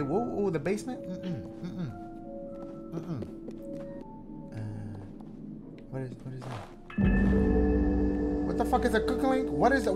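A man giving excitable, jokey let's-play commentary, slangy and talking to himself as he plays. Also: on the high side. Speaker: gaming YouTuber. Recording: game music under the voice.

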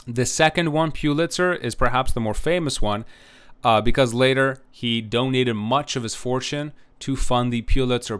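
A man's voice: medium pitch, fairly bright tone, clean tone. A man giving a recorded history lecture, rambling with many filler sounds and frequent "right?" checks.

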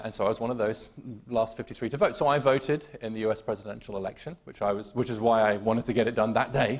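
British keynote speaker, man, gravelly timbre, dry self-mocking wit, talks through ums. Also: lowish voice. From United Kingdom. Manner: wry, self-deprecating humor with many fillers and restarts. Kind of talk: conference keynote talk. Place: conference hall.

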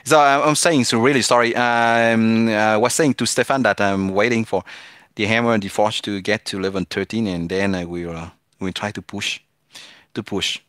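A man's voice: lowish voice, fairly even intonation, moderate pace, fairly bright tone, smooth, dry recording, clean studio sound. A man chatting casually with viewers during a live game stream, hesitant and full of restarts. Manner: hesitant, restarts often, switches between French and English.

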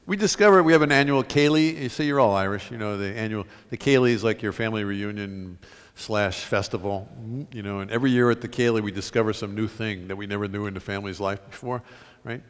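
Animated man storyteller in a big hall. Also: lowish voice. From United States. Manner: lively, animated storytelling with sudden loud bursts. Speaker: author giving a reading. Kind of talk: storytelling talk and reading to an audience. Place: large concert hall with an audience. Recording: long hall reverb.

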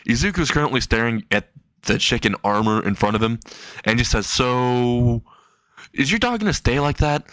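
A man's voice: on the low side, sharp tone, dry recording. A man casually narrating a silly fan-fiction story, rambling with restarts and chuckling at his own jokes.

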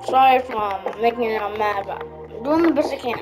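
A gaming video creator gives casual gameplay commentary in a fairly high, fairly quick voice, rambling and repeating herself as she builds. The audio is poor, though background music comes through clearly.

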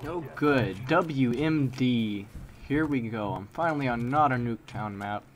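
A man's voice: mid-range voice, a little slow, a little hiss or hum. A young man giving live commentary over a shooter game, swinging between muttered complaints and sudden frustrated outbursts at enemy campers. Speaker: gameplay commentator. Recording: game gunfire behind voice. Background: loud shooter game sounds, gunfire.

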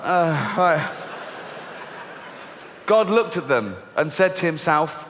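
Stand-up: sarcastic, foul-mouthed comic with a lively, swooping voice, live in a big hall. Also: male voice, on the high side, takes it slowly, pauses often, slight background noise. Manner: sarcastic, profane, laughs mid-sentence. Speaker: stand-up comedian. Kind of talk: stand-up comedy. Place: large theatre stage. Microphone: stage microphone. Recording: live hall recording with audience.

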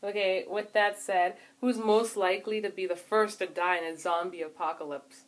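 A woman's voice: medium pitch, fairly even intonation, moderate pace. A woman casually asking her kids challenge questions, teasing them and laughing often. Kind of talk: casual family chat.

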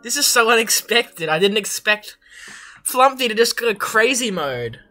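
Speaking a little slowly in a medium pitch, a young adult gamer offers casual, excitable commentary on a horror game. They swear often and react loudly whenever something surprises them.

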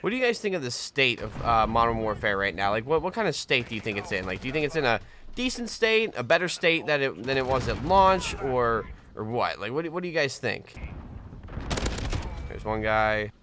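Dude riffing on his own game, swears a lot, voice jumps all over, loud gunfire behind. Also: medium pitch, brisk, slight background noise. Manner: excitable, swears, laughs often. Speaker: gaming YouTuber. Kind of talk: casual gameplay commentary. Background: game gunfire and explosions.

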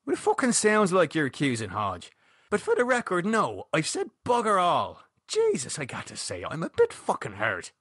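A jumpy, foul-mouthed lad, as a male narrator puts him on, pitched up high and swinging wildly between squeaks and grumbles. His voice is husky and close. He swears at every turn and bristles at the slightest offence, in a storybook reading. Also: wildly swooping pitch, normal speed, fairly bright tone, dry recording, heavily acted. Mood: indignant. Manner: swears constantly, jumpy and indignant. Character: excitable foul-mouthed young British man.

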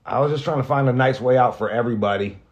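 A male radio host speaks candidly and off the cuff in a vlog, halting, rambling and restarting often, with heavy profanity. He's earnest and emotional about being grateful. His voice is medium-pitched, and the audio sounds dull.

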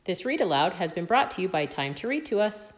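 A woman reading a rhyming children's picture book aloud in an expressive, sing-song way. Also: on the low side, brisk, no echo. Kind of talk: read-aloud storytelling for kids.

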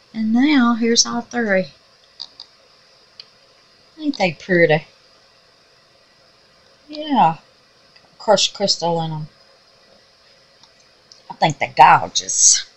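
Casting note: an excitable, folksy woman, slow-paced and very lively in pitch, crafting on camera. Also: poor audio. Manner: folksy and excitable, calls viewers babies and darlings. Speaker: resin craft vlogger. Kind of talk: casual chat to viewers while crafting.

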